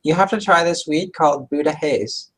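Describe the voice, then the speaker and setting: A woman's voice: sits low, normal speed, low-quality recording. A young adult woman co-hosting a casual chat show, talking in a rambling, hesitant way full of fillers. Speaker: co-host.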